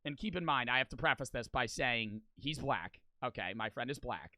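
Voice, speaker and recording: A young man reacting to a video and telling a story, loud and excitable, swearing often. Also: medium pitch, normal speed, no echo. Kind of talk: profane animated storytelling.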